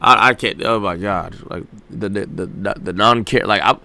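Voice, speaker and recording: A man's voice: lowish voice, normal speed, vocal fry, pushed and bright. A male streamer reacting to clips in casual, incredulous commentary, swearing and using slang.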